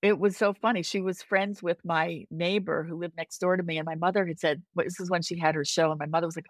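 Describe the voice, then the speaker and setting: An older woman, a podcast guest, telling stories in casual chat, animated and lively, acting out quoted voices. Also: quick pace, few pauses, no room sound. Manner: animated, acts out quoted voices with big pitch jumps.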